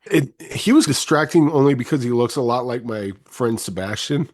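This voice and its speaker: A man reviewing films on a casual podcast, talking in a low, monotone, laid-back way. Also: moderate pace, no echo, studio quality. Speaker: film reviewer, co-host.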